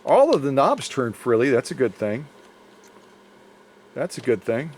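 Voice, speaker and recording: A man's voice: medium pitch, big pitch swings, a little slow, a little mellow, slight background noise. A man hosting a sewing machine restoration channel, chatting casually in his workshop with playful, rambling, jokey asides. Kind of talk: casual unboxing chat to camera. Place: home workshop.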